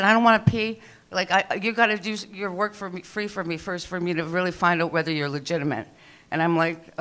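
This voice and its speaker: This woman's voice is on the low side and a bit bright. A middle-aged comedian doing open-mic stand-up in a small club, she rambles and chats, swears, and performs the lines of people in her anecdotes.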